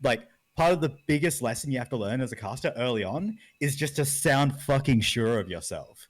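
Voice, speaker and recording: A man's voice: mid-range voice, expressive, moderate pace. An Australian man, an esports caster, talking casually on a podcast with lots of fillers and swearing. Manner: rambling, swears freely, lots of "like".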